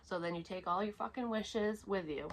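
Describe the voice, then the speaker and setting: A woman's voice: medium pitch, normal speed, a little hiss or hum, rough recording. A woman giving a psychic reading to her viewers in a casual, rambling flow, candid and full of swearing. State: close to tears at times. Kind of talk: casual intuitive reading to camera.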